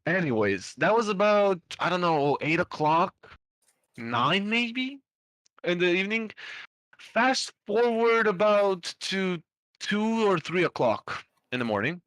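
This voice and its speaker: A man's voice: high voice, very animated, slow pace, a bit bright, no echo. A young man telling a long story on a podcast in a loose, rambling way, with lots of fillers and casual swearing. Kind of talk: casual storytelling among friends.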